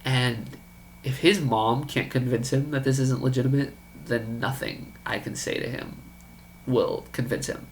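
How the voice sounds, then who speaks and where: A man telling a story about a friend's business pitch in a casual, incredulous way, acting out the dialogue. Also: steady tone, unhurried, a little hiss or hum. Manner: incredulous, quoting others in dialogue.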